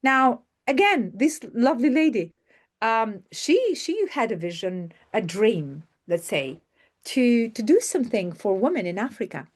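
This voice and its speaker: A woman's voice: a little high, big pitch swings, unhurried. A woman hosting an online masterclass over a video call, telling success stories with enthusiasm and repeating words for emphasis. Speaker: masterclass host and media coach.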